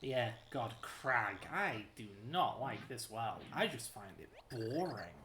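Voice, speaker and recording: A woman's voice: rumbling low, big pitch swings, slow, a bit bright, reverberant, slight background noise. A woman playing a video game on stream, grumbling and joking in casual chat with game music behind. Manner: wry, grumbling, jokey. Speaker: co-streamer, player.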